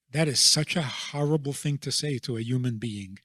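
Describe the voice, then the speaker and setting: A man being interviewed as a rabbi, explaining his views in a deliberate way and often checking in with a rhetorical question. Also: mid-range voice, fairly bright tone, dry recording, studio quality.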